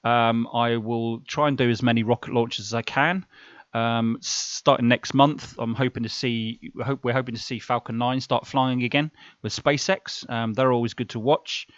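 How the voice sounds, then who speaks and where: A man's voice: medium pitch, steady tone, normal speed, fairly bright tone, dry recording, highs cut off. A man hosting a casual live stream, rambling along with many fillers and restarts.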